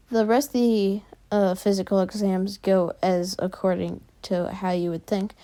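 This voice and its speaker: Slow, mellow woman telling a fan story. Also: medium pitch. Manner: halting, casual storytelling. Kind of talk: casual fan story narration.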